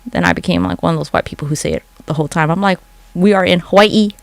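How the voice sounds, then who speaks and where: Rambling, cursing livestreamer with vocal fry. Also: mid-range voice, sing-song, very fast, dry recording. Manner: rambling, swears a lot, answers chat comments. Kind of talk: casual late-night live-stream chat. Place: home at night. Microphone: phone.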